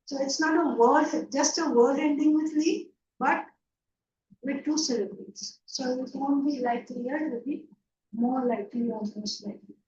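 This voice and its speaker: A woman's voice: sits high, normal speed, a little mellow. A woman teaching an online English grammar lecture, patiently checking understanding with frequent "yeah?" and "right?". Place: online class from a room. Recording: roomy, distant, dull online lecture audio.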